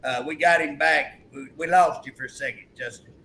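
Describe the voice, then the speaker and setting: High, bright-voiced emphatic male host. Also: fairly even intonation, a little fast, slight background noise, low-quality recording. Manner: emphatic, repetitive storyteller acting out quotes. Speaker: talk show host. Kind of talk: political talk show chat.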